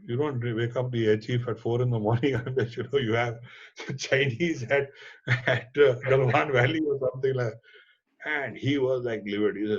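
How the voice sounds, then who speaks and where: A middle-aged man with an Indian accent, a documentary filmmaker telling a lively story in conversation and mixing in Hindi words and casual swearing. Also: medium pitch, a little fast, slightly rough. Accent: Indian English. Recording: dull lo-fi audio.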